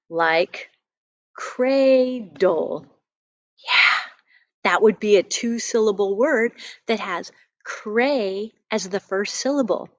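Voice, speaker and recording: A woman's voice: mid-range voice, no echo. A woman teaching a phonics lesson, patiently sounding out letters and words.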